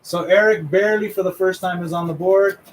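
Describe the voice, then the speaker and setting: Brief: middle-aged male host, casual trash-talking commentary, a touch high. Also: steady tone, fairly quick, slight background noise, low-quality recording. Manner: joking, rambling trash talk. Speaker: host revealing a fantasy draft order.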